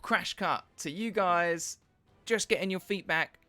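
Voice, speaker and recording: A man narrating as dungeon master in an animated, laughing way, often searching for words. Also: high-pitched, unhurried, faint music behind. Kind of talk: narrating a tabletop game.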